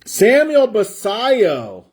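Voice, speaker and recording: A man's voice: high-pitched, huge pitch swings, takes it slowly, slightly rough. A man hosting a live card break stream, chatting casually and drawing out player names as he opens packs. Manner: chatty, rambling, drawls out player names while opening packs.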